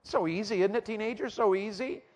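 A man preaching a sermon, questioning the congregation and reading scripture slowly and deliberately. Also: high-pitched. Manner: call-and-response, asking the crowd questions. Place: church auditorium. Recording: reverberant hall.

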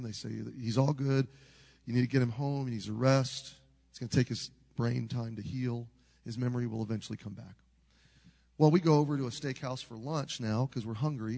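A middle-aged pastor preaches a sermon, telling a story earnestly and conversationally with frequent restarts. His medium-pitched voice is creaky and a little mellow, carried by the long reverb of a large hall.

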